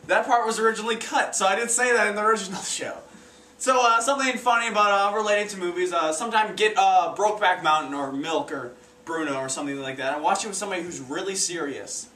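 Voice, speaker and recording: Talking fast in a high, pushed, bright voice, a teenage boy tries amateur stand-up comedy. He comes across awkward and stumbling, full of fillers, and the distant recording picks up an echoey room.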